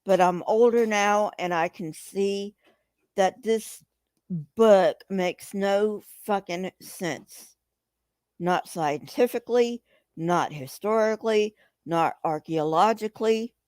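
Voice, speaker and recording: A woman hosting a livestream speaks slowly and deliberately, in a dry, close-miked sound with no room echo. She talks straight to her chat, emphatic and profane, with a heated, agitated edge. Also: medium pitch, darkish tone. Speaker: livestream host reading chat. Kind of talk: casual livestream commentary.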